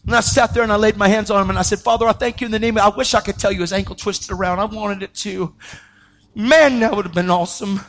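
A man preaching a sermon, telling a story with lively energy and acting out the voices of the people in it. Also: fast. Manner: animated, acts out quoted voices, pitch jumping up when excited.

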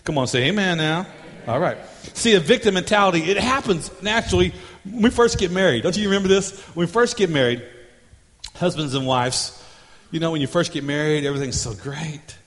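A man's voice: fairly high pitch, a little fast, fairly bright tone, in a large hall. A male pastor delivering a sermon in a repetitive preaching cadence, breaking into humorous role-play.

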